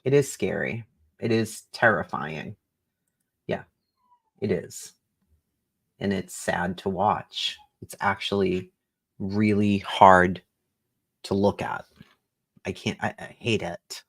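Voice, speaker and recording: A man's voice: low-pitched, fairly even intonation, slow, creaky, pauses often, breathy edge, no room sound. Dry-voiced man, laughing reaction chat. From Boston, USA. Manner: laughing, profane, mocking. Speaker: streamer reacting to a debate.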